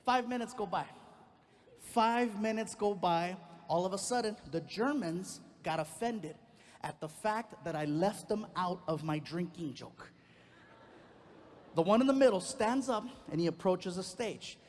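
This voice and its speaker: High-voiced, animated male comedian. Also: moderate pace, a little hiss or hum. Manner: animated storyteller who acts out other voices. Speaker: stand-up comedian. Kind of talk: stand-up storytelling. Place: live stage show.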